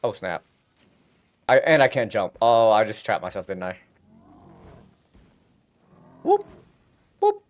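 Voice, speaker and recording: Male streamer, excitable live game commentary, animated delivery. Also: on the low side, takes it slowly, pauses often.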